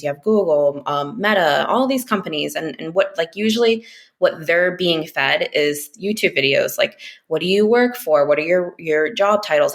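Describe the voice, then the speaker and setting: A woman with a low voice is chatting as a podcast guest. She talks quickly and informally, filling her sentences with "like" and "um". She laughs easily. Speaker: podcast guest, business analyst. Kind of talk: casual interview chat.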